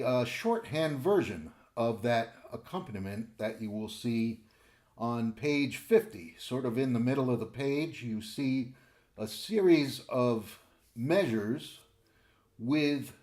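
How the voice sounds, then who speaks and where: A man with a sick, rough voice calmly explaining banjo accompaniment patterns as a teacher. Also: mid-range voice. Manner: calm, methodical explaining. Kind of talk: instructional talk.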